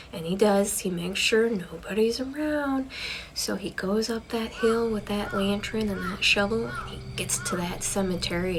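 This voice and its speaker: Chatty woman storyteller, spooky tale, slips into hushed whispers; faint hiss behind. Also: mid-range voice. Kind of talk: casual ghost story telling.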